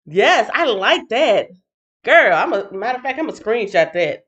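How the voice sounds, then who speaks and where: A woman hosting a casual livestream, who sounds tired after a night shift. She reads out chat comments in an animated, playful way and breaks into sing-song bits. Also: fairly high pitch, normal speed, highs cut off. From Texas. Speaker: livestream host.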